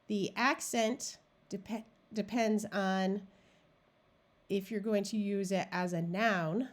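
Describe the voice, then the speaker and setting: A woman teaching syllable division to adult learners. She speaks unhurriedly and leaves space between words. Her pitch sits in an ordinary middle range. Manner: slow, deliberate, clear word-by-word modeling. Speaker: reading tutor. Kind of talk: phonics lesson narration.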